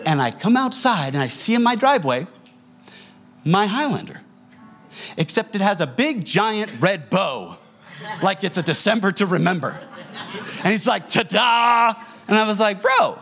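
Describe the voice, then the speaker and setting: A man preaching a sermon as a pastor in a church, telling stories in an animated way and acting out the dialogue. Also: high-pitched, normal speed, pauses often. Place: church sanctuary.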